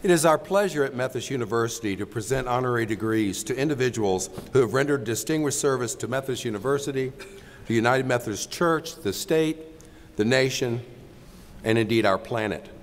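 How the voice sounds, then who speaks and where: A man's voice: mid-range voice, animated, fairly quick. A man, a university official, formally presenting honorary degrees at a ceremony. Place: large hall with long reverb. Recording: long hall reverb with faint room noise.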